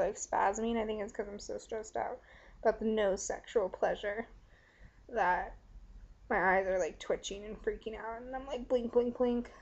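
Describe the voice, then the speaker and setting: A woman's voice: mid-range voice, a little mellow. A young woman talking frankly and casually to a friend in a video letter, giggling and filling her talk with "like". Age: young adult. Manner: chatty, frank, giggly, lots of "like" fillers. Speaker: vlogger. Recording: dull lo-fi webcam audio.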